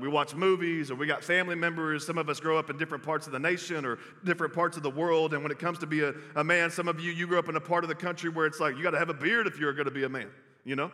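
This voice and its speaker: A man's voice: a little high, pushed and bright. Folksy preacher man in a hall. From Texas. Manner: folksy storytelling, addressing the crowd as y'all. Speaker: pastor. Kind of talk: sermon. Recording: reverberant hall.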